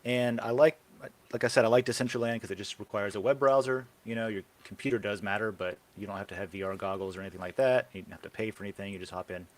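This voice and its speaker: Man, low voice, casual host, rambling with lots of ums. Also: quick pace. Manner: rambling, brainstorming aloud with many fillers. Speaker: podcast host. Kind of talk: casual live-stream chat.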